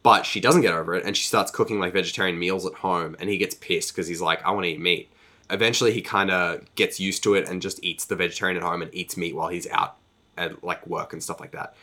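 A man's voice: low-pitched, steady tone, quick pace, pushed and bright. A man in a casual podcast chat, recapping a book in a rambling, profane way, full of fillers and mock voices for characters. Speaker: podcast co-host.

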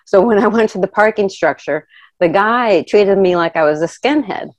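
A middle-aged woman telling a personal story in a lively way, laughing often and acting out the voices of the people in it. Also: mid-range voice, normal speed, no room sound. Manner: animated, laughs often, acts out quoted voices.

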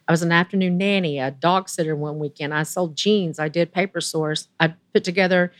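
Animated Southern woman in her sixties. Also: fairly quick, no echo, studio quality. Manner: chatty, animated, voice rising high when excited. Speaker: interview guest. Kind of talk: personal storytelling.

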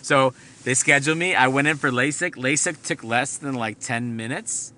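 A man's voice: mid-range voice, normal speed, sharp tone, a little hiss or hum. A man hosting a podcast, telling a rambling, profane story from inside his car. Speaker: podcast host. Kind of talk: casual storytelling monologue.

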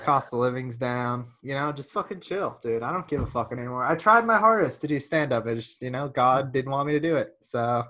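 A man's voice: medium pitch, lively intonation, fairly quick, few pauses, sharp tone. A man in his thirties, co-hosting a casual podcast, telling profane rambling stories full of "dude". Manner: profane, ranting storyteller, lots of "dude". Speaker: podcast co-host.

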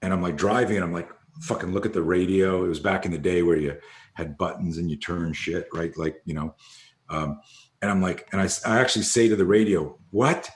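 A man's voice: low-pitched, a little fast, reverberant. An older man telling rambling stories in casual conversation, swearing freely and acting out what people said. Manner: rambling storyteller who swears freely and acts out quotes. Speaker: podcast guest, fear coach.

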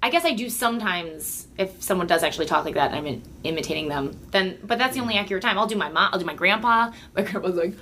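A woman's voice: medium pitch, expressive, fast, few pauses, crowd noise. A woman guest on a comedy podcast, chatting casually in a rambling, giggly way, often stopping and restarting her sentences. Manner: giggly, rambling, self-interrupting.

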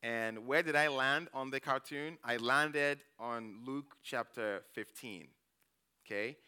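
This church elder preaches conversationally and slowly, his medium-pitched voice bright and smooth. Through personal storytelling he acts out his own reactions, frequently pausing to ask the congregation "okay?"

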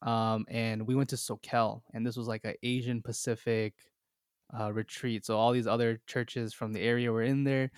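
Young man, podcast host, casual storytelling, laughs a lot, mid-pitched voice, dry close sound. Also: level tone, moderate pace, smooth, dry recording. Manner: laughs often while telling a story. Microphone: call recording.

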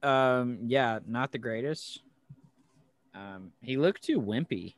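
A man co-hosting a podcast in casual chat, animated and giggly, quick to laugh and exclaim, over a computer mic on a video call. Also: medium pitch. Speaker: podcast co-host. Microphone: home computer mic on a video call.

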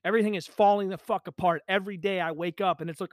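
A young man rants on his own podcast, agitated and profane, swearing through every sentence. His voice sits high, and the recording is dry and close with no room sound. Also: fairly even intonation, fast, hardly any pauses, no echo. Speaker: podcast host. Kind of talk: ranting solo podcast. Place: pump house in the countryside.

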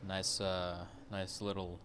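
A man's voice: deep voice, level tone, takes it slowly, a bit bright, a little hiss or hum. A man hosting a podcast in a casual monologue, rambling with many fillers, casual swearing and repeated checks of "right?". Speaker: podcast host.

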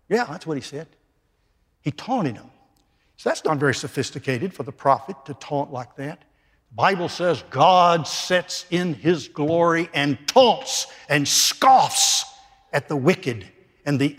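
A man's voice: on the high side, expressive, slow, breathy edge. Man preaching in a reverberant hall. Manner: emphatic preaching, swings from loud to quiet. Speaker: pastor. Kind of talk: sermon. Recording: long reverb of a large hall.

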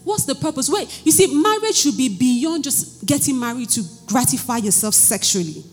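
A Nigerian-accented woman pastor in her thirties preaches a sermon in a church hall, telling stories with animation and often asking the congregation whether they understand. Her voice is high-pitched and slightly rough at a moderate pace. The church hall's reverb and faint music can be heard.

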